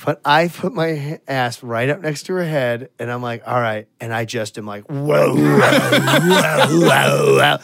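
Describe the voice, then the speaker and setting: A man's voice: mid-range voice, moderate pace, few pauses, fairly bright tone, no echo. A man telling a crude story in casual podcast chat, swearing a lot and laughing as he goes.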